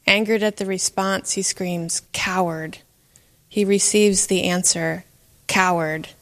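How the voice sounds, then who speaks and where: A woman reading an inspirational story aloud in a measured, gentle way. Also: medium pitch, steady tone, gravelly. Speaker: narrator. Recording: long reverb.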